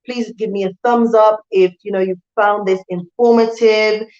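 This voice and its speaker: A woman's voice: mid-range voice, fairly even intonation, moderate pace, a little mellow, highs cut off. A woman in her thirties, originally from the UK, chatting casually on a live stream, laughing often and reading out viewer comments. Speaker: vlogger hosting a live stream.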